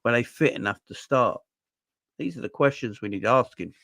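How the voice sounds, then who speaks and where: A man's voice: mid-range voice, lively intonation, normal speed, creaky, fairly bright tone, no room sound. Emphatic London-accented man, dry sound. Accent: Southern English (London). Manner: emphatic, repeats himself, asks viewers rhetorical questions. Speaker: fan channel host. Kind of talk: casual livestream chat.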